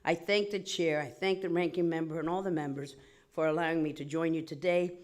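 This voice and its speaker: A woman in Congress giving a formal, prepared statement at a committee hearing, slightly out of breath, listing points in a measured, emphatic way. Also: low-pitched, fairly even intonation, darkish tone. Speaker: member of Congress.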